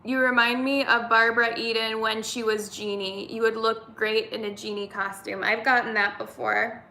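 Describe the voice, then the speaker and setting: A woman's voice: fairly high pitch, level tone, normal speed, bright, forceful tone, echoey room. A woman in her thirties hosting a casual live-stream chat, reading viewer comments aloud and answering them. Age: 30s.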